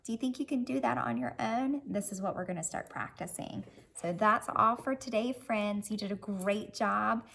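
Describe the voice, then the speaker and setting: A woman's voice: mid-range voice, moderate pace, gravelly, few pauses, fairly bright tone. A woman teacher leading a children's reading lesson, cheerfully prompting young learners to sound out and blend words.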